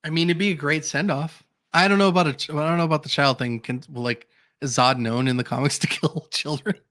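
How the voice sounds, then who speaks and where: Easygoing laughing podcast co-host. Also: male voice, on the high side, fairly even intonation, fast talker, a bit bright. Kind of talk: casual chat.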